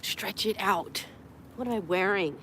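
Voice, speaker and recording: A tired young woman with a medium-pitched, fairly bright voice rambles unhurriedly through a livestream from her car, parked in a parking lot. She makes crude jokes, laughs often, and coos at her dogs. There's slight background noise.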